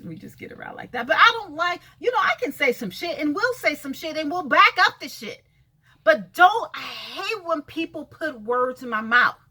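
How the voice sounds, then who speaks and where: Bright, pushed, and high-pitched, this woman's voice drives a casual rant on her vlog. The Californian is blunt and sassy, swearing openly and addressing the people she's calling out head-on.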